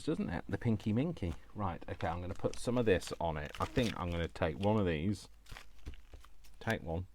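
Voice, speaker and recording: A man who talks fast and loud, chatting to himself by name while making crafts. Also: low-pitched, a little hiss or hum. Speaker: crafting channel host. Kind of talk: casual chat while crafting.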